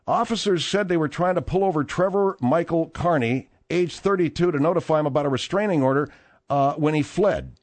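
A man's voice: on the high side, fairly quick, a little mellow, no echo. A man hosting a radio show, reading and chatting casually with restarts.

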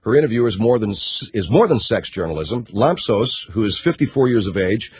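A man's voice: lowish voice, animated, a little fast, breathy edge, no echo, studio quality. A man hosting a talk radio show, riffing sarcastically and mockingly on news stories.

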